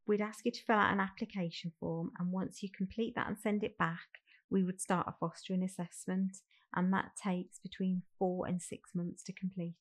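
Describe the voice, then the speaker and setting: A woman's voice: lowish voice, little pitch movement, normal speed. A woman with a Birmingham accent, a fostering recruitment manager, explaining next steps kindly in a role-played phone call. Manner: friendly, reassuring, explains step by step.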